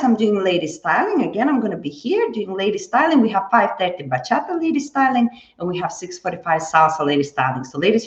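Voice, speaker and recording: A woman dance teacher chatting on a live stream after class, bubbly and chatty, thanking viewers by name. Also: fairly high pitch. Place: indoors at home. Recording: echoey room, dull lo-fi stream audio.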